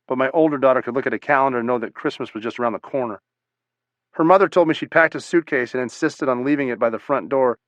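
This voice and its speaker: A man narrating a first-person memoir audiobook in a steady, measured, matter-of-fact way. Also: mid-range voice, no room sound.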